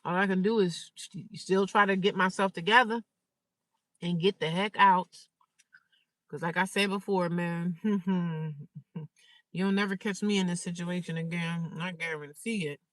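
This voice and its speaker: A woman talks straight to her livestream audience in a casual, blunt way, circling back to repeat her point. Her voice is bright and forceful. She sits back from the phone, so she sounds distant, but the sound is dry with no room echo. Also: on the low side, a little slow. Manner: blunt, repetitive, animated storytelling. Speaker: livestreamer sharing her daily life.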